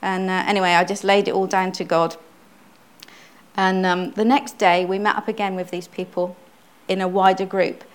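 A woman's voice: medium pitch, little pitch movement, moderate pace. A middle-aged woman giving a personal testimony sermon at church, earnest and conversational, often restarting her phrases. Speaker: church speaker, pastor's wife.

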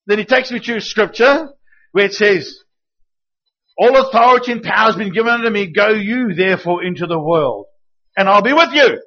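A man preaching as a guest speaker, telling lively stories with acted-out quotes and sometimes dropping to a hushed, intimate tone. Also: sits high, brisk. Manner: animated storytelling with acted quotes. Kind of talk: sermon. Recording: dull lo-fi recording.

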